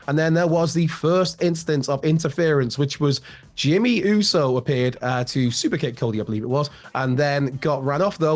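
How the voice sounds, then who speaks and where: A man hosting a wrestling news show in a casual, rambling way, with a slightly raspy voice. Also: a little high. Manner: chatty, rambling with fillers and restarts. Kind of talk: online news commentary.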